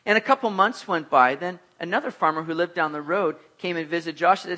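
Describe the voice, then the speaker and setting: Animated high-voiced male preacher. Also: fairly quick. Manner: animated storyteller, acts out voices, laughs at himself. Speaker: pastor. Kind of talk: sermon with personal stories.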